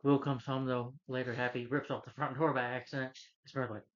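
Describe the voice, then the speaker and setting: Male film reviewer, casual and rambling, mid-pitched voice on a slightly muffled recording. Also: level tone, a little fast. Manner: rambling plot retelling with many fillers and restarts.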